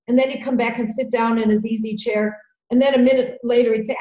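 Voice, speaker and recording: A middle-aged woman hosting a podcast, telling a story in an earnest, animated way and repeating phrases for emphasis. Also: on the high side, brisk. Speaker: podcast host. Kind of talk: conversational storytelling. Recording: roomy, dull lo-fi sound.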